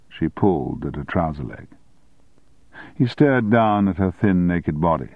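A man with a fairly low voice reads the story, his delivery measured yet lively in its rise and fall. The recording is dry and narrow, like it is coming over a phone line. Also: no room sound. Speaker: audiobook narrator. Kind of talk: scripted narration. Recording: dry, tinny phone-like sound.

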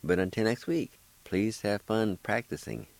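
A man with a very low voice leads a radio language lesson at an unhurried pace. He spells each word out patiently and repeats it gently. He encourages his listeners to keep practicing. The sound is dry and close, with no room around it. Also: steady tone, dry recording, poor audio. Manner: patient, spells words out letter by letter. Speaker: language teacher and radio host.

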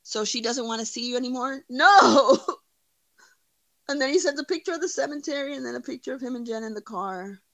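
A woman's voice: high-pitched, brisk, a bit bright, no room sound. A woman hosting a livestream, giving blunt, profane, mocking commentary. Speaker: livestream host. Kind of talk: casual commentary.

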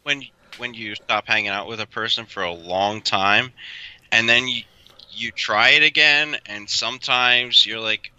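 A man co-hosting a podcast in casual chat, hesitant and musing as he thinks out loud. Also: mid-range voice, normal speed, smooth, dry recording, muffled recording. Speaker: podcast co-host.

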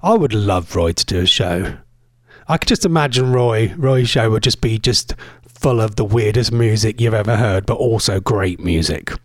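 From a cold conservatory at home, a man hosts an online radio show, chatting in a rambling way and correcting himself as he goes. His voice is fairly low and moderately paced, captured in a dry, clean studio sound.

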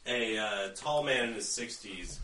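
A man's voice: medium pitch, a little slow, distant mic, over a noisy crowd. Man narrating as game master, roomy. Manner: relaxed narration with frequent fillers and laughs.

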